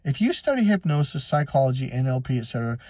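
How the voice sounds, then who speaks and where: A man's voice: mid-range voice, sing-song, quick pace, mellow, no echo, clean studio sound. A man coaching listeners in a casual motivational monologue, blunt and profane, telling stories and acting out the dialogue. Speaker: life and relationship coach.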